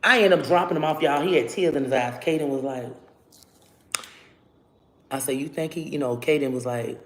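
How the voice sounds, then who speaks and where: A woman's voice: low voice, normal speed, echoey room. A woman telling a story to her viewers in casual, profane vlog chat. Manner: loud animated storytelling with profanity. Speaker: vlogger.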